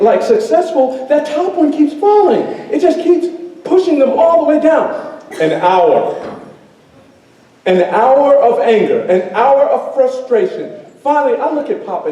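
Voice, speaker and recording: A man storyteller telling a tale live to an audience in a school auditorium, animated and playful, drawing the crowd in with call and response. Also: extremely high pitch. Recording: very echoey hall from far off.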